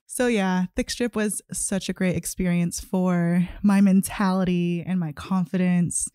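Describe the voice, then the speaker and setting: Giddy young woman, mellow dry voice. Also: lowish voice, steady tone, measured pace, clean tone, dry recording. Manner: giddy, gushing, heavy use of "like". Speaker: podcast host. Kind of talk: casual solo podcast chat.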